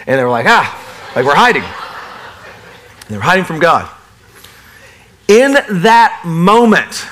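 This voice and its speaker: A man preaching a sermon in a folksy, lively way. He moves between playful asides and hushed, solemn emphasis. His voice sits a little high for a man. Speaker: pastor.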